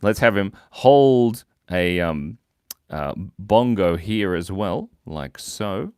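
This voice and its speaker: A man's voice: deep voice, animated, slow, a little mellow, clear, resonant tone, no room sound, studio quality. A young Australian man hosting a live drawing stream, chatting playfully and laughing as he reads out viewer comments.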